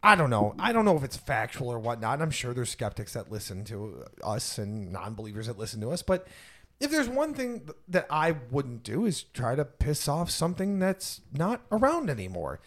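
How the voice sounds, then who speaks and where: A man co-hosting a casual podcast chat, animated and quick to act out other people's lines. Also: mid-range voice. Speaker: podcast co-host.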